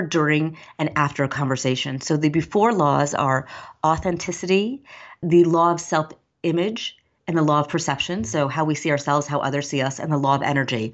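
A woman from New Jersey, an author guesting on a podcast, laying out her ideas in a crisp, methodical way. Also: sits low, dull audio. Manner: crisp, methodical, lists points. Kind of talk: interview answers.

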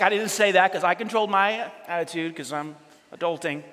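A man's voice: high voice, fairly quick, pushed and bright. A man preaching a casual, conversational sermon as a pastor, chatty and often asking the congregation questions. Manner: chatty, asks the audience questions, repeats words as he goes. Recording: long church hall reverb.

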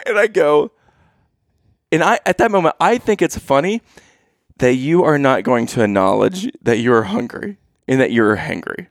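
A man's voice: on the high side, sing-song, normal speed, vocal fry, no room sound, studio quality. A man in his thirties telling a playful, teasing family story to his listeners. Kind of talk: casual storytelling to camera.

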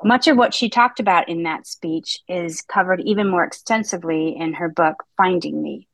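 A fairly low-pitched, creaky woman's voice with a fairly bright tone comes through at normal speed on a low-quality recording with no room sound. As a book podcast host, she reads a scripted opening and runs a laid-back book-club chat, poking dry fun at herself.

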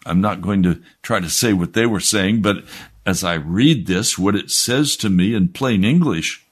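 A man's voice: sits low, unhurried, slightly rough. A man, a pastor delivering an earnest, emphatic radio sermon.

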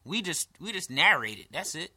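Bright-voiced joking New man. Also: fairly high pitch, big pitch swings, moderate pace, slightly rough. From New York. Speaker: podcast co-host. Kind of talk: casual chat.

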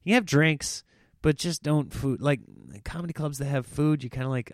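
A man's voice: on the high side, moderate pace, no room sound, studio quality. A man hosting a casual solo podcast, telling comic stories and breaking into exaggerated voices for quoted people. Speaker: comedian podcast host.

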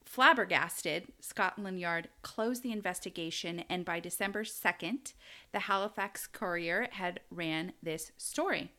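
A woman's voice: fairly low pitch, a little slow, pushed and bright. An American woman co-hosting a casual true-crime podcast, telling the story with frequent laughs and asides. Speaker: podcast co-host.

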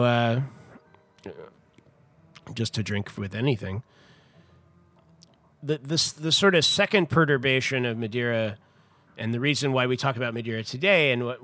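A man's voice: mid-range voice, fairly bright tone. A man in a casual podcast conversation, telling a long story about wine history in a chatty, rambling way full of restarts and asides. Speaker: wine importer guest.

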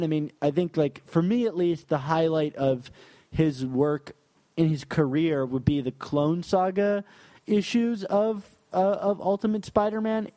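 A man from New York co-hosting a podcast, talking casually and enthusiastically about comics, laughing often and filling pauses with "like". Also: fairly high pitch, warm tone, no room sound. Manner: enthusiastic, laughs easily, many fillers. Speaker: podcast co-host.

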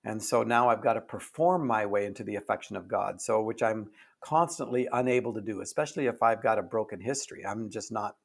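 Gravelly, husky older man, earnest. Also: on the low side. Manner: earnest, halting storytelling, often dropping soft. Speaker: author guest. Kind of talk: reflective interview talk.

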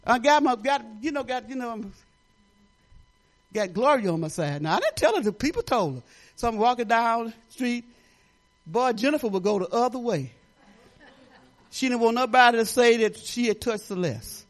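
An older woman pastor from Detroit giving a folksy, animated sermon, talking straight to the congregation with laughing asides. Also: fairly high pitch, normal speed. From Detroit, Michigan.

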